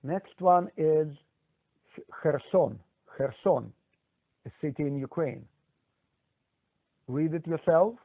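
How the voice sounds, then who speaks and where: A man teaching a language lesson, saying each word slowly and then prompting the learner to repeat it. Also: on the high side, dry recording. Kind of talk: slow-paced language lesson drills. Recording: dry, tinny phone-like sound.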